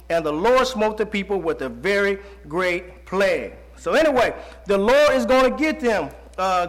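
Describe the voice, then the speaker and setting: A man preaching a sermon who reads scripture slowly, then talks to the congregation in plain, folksy speech, his voice jumping up and dropping low. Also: fairly bright tone. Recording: long reverb of a large hall.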